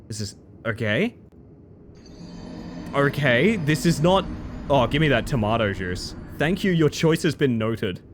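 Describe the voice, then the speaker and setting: A man, chatting excitedly as he streams a game live. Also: mid-range voice, unhurried, pauses often, noisy background. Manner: excitable, chatty, bursts into loud exclamations. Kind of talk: live gameplay commentary.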